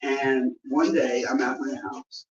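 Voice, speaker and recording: A man's voice: medium pitch, takes it slowly, recorded from a distance, over music. A man telling an anecdote to a live audience at a memorial gathering, acting out the people in his story. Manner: animated, acts out the voices in his stories. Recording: dull, echoey room miked from afar, audience audible.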